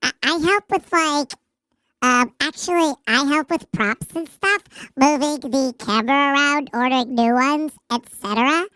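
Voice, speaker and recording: A woman voicing a shy young stagehand for a video game through a pitch-raising voice changer, hesitant and stumbling over fillers. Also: normal speed, sharp tone, no room sound.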